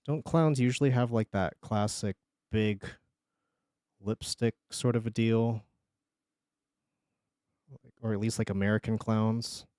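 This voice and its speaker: A man streaming live, chatting casually and joking as he reacts, laughing often and breaking into excited bursts. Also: lowish voice, measured pace, long pauses, clear, resonant tone, no room sound, clean studio sound. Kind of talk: casual live-stream commentary while drawing.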